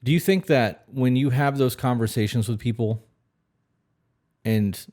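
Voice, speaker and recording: A man's voice: mid-range voice, measured pace, darkish tone. A man co-hosting a podcast, talking frankly and questioningly in casual chat, swearing freely. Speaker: podcast co-host.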